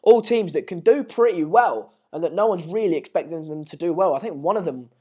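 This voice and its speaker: A young man, hosting a casual live match watch-along, reading out viewer comments in a chatty, rambling way and sounding slightly hoarse. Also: fairly high pitch, expressive, fairly quick, mellow. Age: late teens. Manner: chatty, rambling, restarts mid-sentence, calls viewers mate and pal. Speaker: live stream host.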